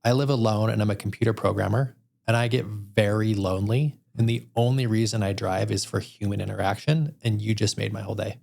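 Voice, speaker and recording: A man's voice: lowish voice, creaky, a little mellow. A man voicing a chatty, friendly male rideshare driver who asks question after question. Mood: grateful. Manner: eager rapid-fire questions.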